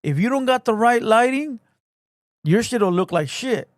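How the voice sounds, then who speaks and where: A man hosting a casual livestream podcast, talking in profane, slangy street talk full of shout-outs. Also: extremely high pitch, expressive, measured pace, no echo, clean studio sound. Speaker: podcast host.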